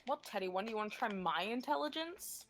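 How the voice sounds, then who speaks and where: A woman player at a tabletop game, deliberate when stating her moves. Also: on the high side, lively intonation, fairly bright tone. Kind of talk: casual chat at the game table.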